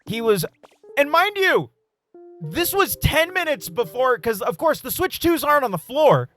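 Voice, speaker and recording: Animated man telling a story on stream. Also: extremely high pitch, moderate pace, faint music behind. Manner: animated storyteller, swears, laughs often. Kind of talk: casual live-stream chat while gaming.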